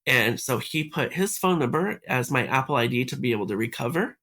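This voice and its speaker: A man with a husky, somewhat breathy voice sits in as a podcast guest and recounts a personal story. He keeps slipping into the words of the people involved, and his voice sits neither high nor low. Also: animated, brisk, a bit bright. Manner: retells events by acting out quoted dialogue.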